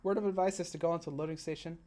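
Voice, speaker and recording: Chatty young-sounding male game streamer. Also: very fast. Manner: chatty and rambling, drifting into side stories; excitable, with sudden high-pitched bursts. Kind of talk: casual live-stream commentary while building.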